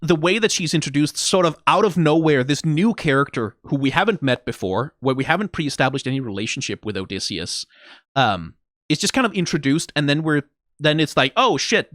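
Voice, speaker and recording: Animated man giving casual commentary. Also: on the high side, no echo, studio quality. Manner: animated, acts out characters' lines mockingly, swears freely. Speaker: reaction video host.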